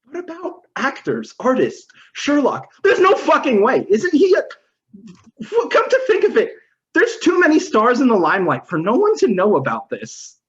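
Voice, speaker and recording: A man's voice: extremely high pitch, huge pitch swings, moderate pace, lo-fi sound, heavily acted. A man playing an exasperated, straight-laced American guy who keeps protesting in disbelief. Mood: incredulous. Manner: incredulous, protesting.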